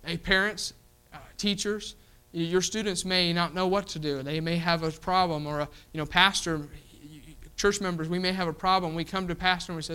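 A man's voice: a little high, a little fast, bright, forceful tone, clear, resonant tone, rough recording. A man preaching a sermon to his church, emphatic and repetitive, often asking the congregation "you know what?". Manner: emphatic, repeating "you know what?" as a hook and acting out quoted voices.

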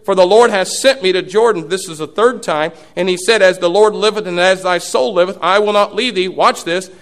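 High-voiced folksy preacher man. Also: fairly quick. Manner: folksy preacher with sudden loud climaxes and hushed asides. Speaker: pastor. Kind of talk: sermon.

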